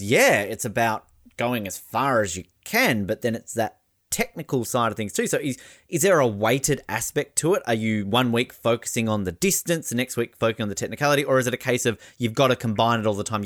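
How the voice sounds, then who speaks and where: A man's voice: mid-range voice, a bit bright, no room sound, clean studio sound. A man interviewing an athlete, asking long, rambling, enthusiastic questions. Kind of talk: casual interview.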